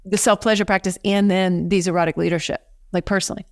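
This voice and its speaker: A woman's voice: on the low side, steady tone, quick pace, no echo, clean studio sound. A woman hosting a podcast, asking a guest questions in a hesitant, encouraging way. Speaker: podcast host. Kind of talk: interviewing a guest.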